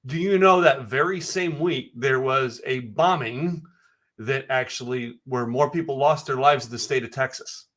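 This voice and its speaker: At a moderate pace and in a somewhat bright, medium-pitched voice, this business podcast co-host keeps the chat casual. He's emphatic, tends to repeat words, and puts pointed questions to the conversation.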